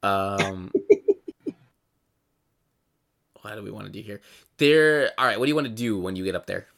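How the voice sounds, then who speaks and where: Low-voiced, lively game master. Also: male voice, measured pace, creaky. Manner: casual, filler-heavy, relaxed narration. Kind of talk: narrating a tabletop game.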